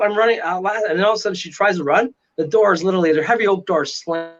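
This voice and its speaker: Guy with a high voice spinning a spooky story, acts out every voice, dull lo-fi sound. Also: quick pace, hardly any pauses, a bit bright. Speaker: paranormal investigator guest. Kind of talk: animated storytelling. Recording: dull lo-fi audio.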